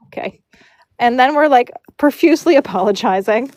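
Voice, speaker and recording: A woman's voice: fairly high pitch, normal speed, a little mellow, dry recording. A woman telling a long, rambling story on a live stream, with many fillers and restarts.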